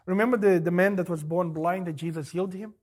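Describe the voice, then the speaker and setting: A male pastor preaching a sermon, firing off rhetorical questions and answering them, moving between loud emphasis and quiet asides. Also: high-pitched, steady tone, quick pace.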